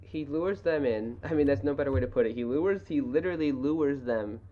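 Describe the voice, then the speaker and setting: A young woman co-hosting a small podcast, working through her thoughts on a book. She talks in loose, rambling bursts with restarts and sarcastic quips. The sound is dull and rough, like a first amateur recording. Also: a bass voice, fairly quick. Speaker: podcast co-host. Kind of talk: casual book discussion.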